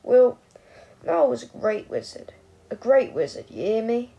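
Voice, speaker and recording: A woman's voice: fairly high pitch, expressive, normal speed, creaky, dark tone, breathy edge, heavily acted. A woman reading an audiobook, voicing a drunk, rambling old wizard man who slurs and blusters. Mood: blustering. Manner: slurring, blustering.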